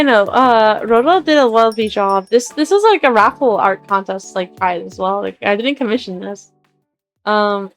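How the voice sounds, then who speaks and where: A woman casually commenting while she plays a game, chatty and giggly with lots of filler words. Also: on the high side. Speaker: game streamer.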